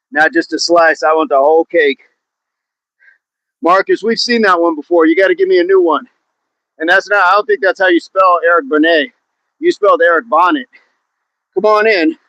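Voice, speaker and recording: A man's voice: fairly high pitch, fairly bright tone, dry recording, low-quality recording. A man hosting a live outdoor workout on a hill, exercising as he talks, counting down reps and greeting chat viewers by name. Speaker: fitness livestream host.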